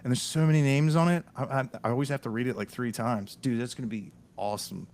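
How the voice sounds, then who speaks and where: Animated storytelling podcast host, a man. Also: mid-range voice, fast talker, slight background noise. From Delaware, US Northeast. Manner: animated storyteller, laughs often, many restarts. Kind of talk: casual podcast chat.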